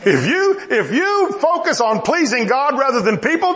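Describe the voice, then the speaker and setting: A male preacher delivering a sermon in a high, sing-song voice that swoops up and down. He acts out the dialogue in his story with plenty of energy and breaks into wry, humorous asides. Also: very animated, normal speed, few pauses, fairly bright tone.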